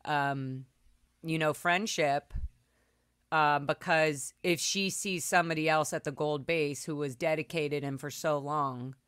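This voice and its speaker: Young woman, podcast host, candid, emotional, fairly low voice, dry sound, video call. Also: steady tone, unhurried, a bit bright, smooth, dry recording. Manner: candid, emotional, many fillers and restarts. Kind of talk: casual chat, personal storytelling.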